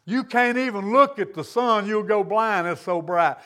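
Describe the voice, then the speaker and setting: Speaking at a normal speed, a man with a high voice delivers an earnest sermon to his congregation using plain, folksy grammar. The rise and fall of his speech follows a steady preaching rhythm.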